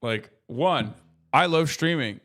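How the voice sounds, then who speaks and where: A man in his thirties chats on his livestream in a loose, rambling way, swearing often and dropping sarcastic asides. His voice sits a touch higher than usual for a man. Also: animated, slow pace, fairly bright tone. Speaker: streamer reacting to a video. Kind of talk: casual livestream reaction talk.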